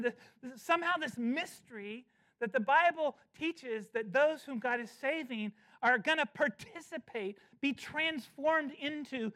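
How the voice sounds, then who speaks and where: A preacher giving an expository sermon, emphatic, slowing down to stress key phrases and often repeating words while restarting. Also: high-pitched, sharp tone.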